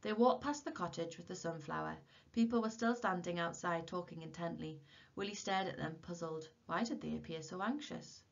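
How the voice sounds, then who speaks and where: A woman's voice: on the low side, moderate pace, creaky. Woman teacher reading aloud. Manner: steady, expressive storytelling. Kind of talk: reading a novel aloud to a class. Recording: dull lo-fi recording.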